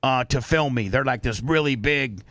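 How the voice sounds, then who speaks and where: A man's voice: mid-range voice, moderate pace, fairly bright tone, dry recording. A man hosting a radio talk show, telling a story bluntly and with animation, swearing as he goes. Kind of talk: casual talk-show chat.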